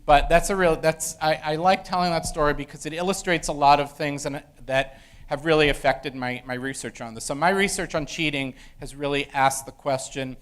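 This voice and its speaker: A man's voice: a little high, fairly bright tone. A middle-aged man, an education professor, telling a story from his teaching days in a casual lecture style with many fillers and restarts. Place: university lecture room.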